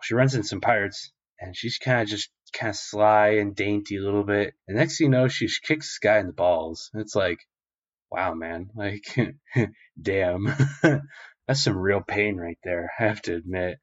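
A man's voice: lowish voice, normal speed. A man co-hosting a podcast, recapping an episode in a rambling, filler-heavy, profane way. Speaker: podcast co-host. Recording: dull lo-fi recording.

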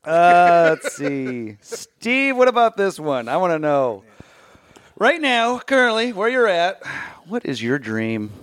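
A man's voice: sits high, big pitch swings, slow pace, fairly bright tone, no echo. A man hosting a comedy podcast, playfully asking teasing questions in casual chat.

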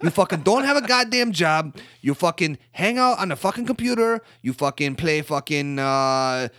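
A man putting on a mock Ukrainian accent for a loud, profane rant. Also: a little high, lively intonation, normal speed, no room sound, clean studio sound, voice pushed up. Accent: put-on Ukrainian. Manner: shouting, swearing, loud tirade. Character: angry ranting Ukrainian man.

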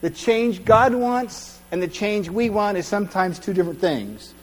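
A man's voice: high-pitched, animated, moderate pace, big-room sound, low-quality recording. A man giving a conversational sermon as pastor, acting out crowd voices and often checking in with his listeners.

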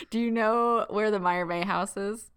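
A woman's voice: mid-range voice, clean tone. A young woman co-hosting a podcast, rambling through a story in casual chat with frequent giggles. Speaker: podcast co-host.

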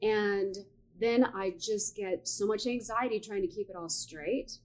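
A woman's voice: medium pitch, measured pace, darkish tone. A woman in her forties co-hosting a podcast, chatting casually in a supportive, reflective way. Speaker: podcast co-host. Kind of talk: casual chat.

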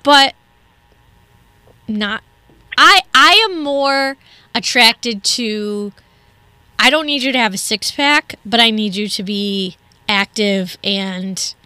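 Brief: woman co-host, chatty and rambling, unhurried delivery, bright tone. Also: a little high, clean tone, no room sound. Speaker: radio co-host. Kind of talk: casual radio banter. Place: radio studio.

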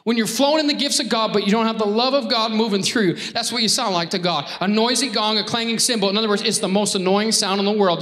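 A man preaching a lively Sunday sermon, joking and constantly urging the congregation to call back. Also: high voice. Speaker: pastor.

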